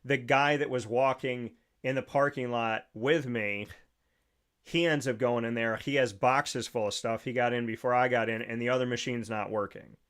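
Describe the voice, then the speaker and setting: Smooth-voiced man telling a rambling story. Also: mid-range voice, a bit bright. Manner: rambling storyteller, many restarts. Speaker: show host. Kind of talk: casual sports talk show chat.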